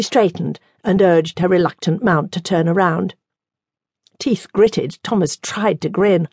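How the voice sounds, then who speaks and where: A woman narrating an audiobook in a measured, even storytelling manner. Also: on the low side, slightly rough, no echo, studio quality. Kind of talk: scripted narration.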